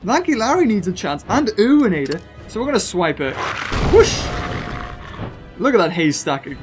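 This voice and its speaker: A British man giving excitable gameplay commentary as a gaming video host, gushing and laughing between lines. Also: sits high, brisk, music in the background.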